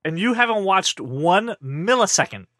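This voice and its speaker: A man hosting a casual pop-culture chat, animated and joking at his own expense. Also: high-pitched, moderate pace, dry recording, clean studio sound. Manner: animated, joking, self-deprecating. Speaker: podcast host.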